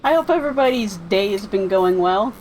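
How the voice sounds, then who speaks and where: An American woman from California and Florida streams a fishing game as a let's play streamer, offering rambling, chatty, self-deprecating commentary. Her medium-pitched voice is expressive, brisk, and slightly mellow, on poor audio with slight background noise.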